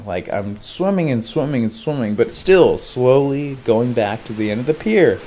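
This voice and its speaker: A young man in his twenties telling a personal story, animated and slangy, full of "like" and "dude". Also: mid-range voice, a little slow, hardly any pauses, a little hiss or hum. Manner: animated, slangy, lots of filler "like". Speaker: vlogger. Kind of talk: casual storytelling.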